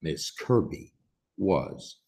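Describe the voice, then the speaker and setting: A man reading a picture book aloud to children, expressive and pausing to ask questions. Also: deep voice, vocal fry, a little hiss or hum. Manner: expressive, slow and animated, asks the listener questions. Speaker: storyteller.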